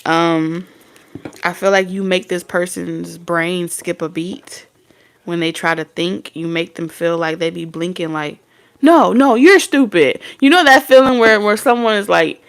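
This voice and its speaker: A woman's voice: on the low side, fairly even intonation, measured pace, a bit bright, smooth. A young woman giving a casual tarot reading, blunt and swearing freely as she acts out imagined back-and-forth dialogue. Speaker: tarot reader.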